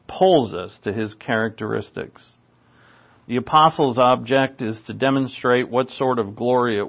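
A man teaching verse by verse from the Bible, stressing key words and often clearing his throat. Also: mid-range voice. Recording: slightly dull lo-fi sound.

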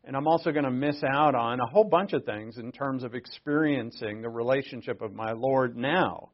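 A man's voice: mid-range voice, moderate pace, dull audio. A man giving a sermon in an earnest, conversational way, stopping to restart and then pressing points with sudden emphasis. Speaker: preacher.

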